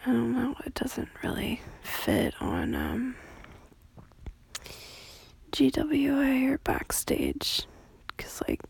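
A woman who has just woken up and is still congested and nasal from a cold, rambling casually in a soft voice with many fillers. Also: huge pitch swings, slow, vocal fry, pauses often, husky, whispered. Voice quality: deeper than usual. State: just woke up, sleepy.

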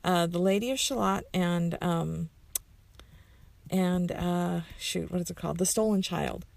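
Woman, gravelly, fairly low pitch, casual rambling chat, frequent fillers. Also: steady tone, measured pace, darkish tone, no echo. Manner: rambling, many fillers and self-corrections. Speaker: community member answering questions. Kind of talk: casual answering of question list.

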